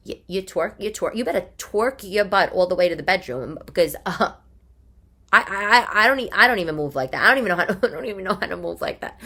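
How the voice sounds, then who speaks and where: A woman's voice: mid-range voice, expressive, fast talker, bright, forceful tone. A woman with a New York accent, a mother hosting a casual monologue from her living room, chatty and opinionated, firing off rhetorical questions. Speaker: podcast host.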